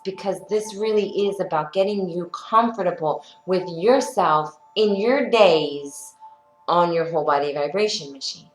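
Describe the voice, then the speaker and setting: A woman leading a home workout as a fitness instructor, upbeat and encouraging, chatting and telling stories between cues. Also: medium pitch. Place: her workout studio, indoors. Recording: echoey room with faint music.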